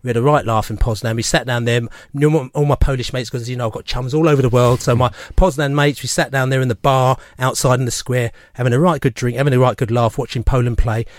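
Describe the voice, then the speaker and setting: A man chats in a studio and wanders through a long anecdote, restarting his sentences as he goes. His voice sits at a middle pitch and sounds dry and close to the mic. He acts out the other people in his story as he tells it. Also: fast, hardly any pauses, no echo. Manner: rambling, animated, acts out quoted voices. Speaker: fan show regular. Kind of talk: casual radio chat, storytelling. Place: radio studio. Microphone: studio microphone.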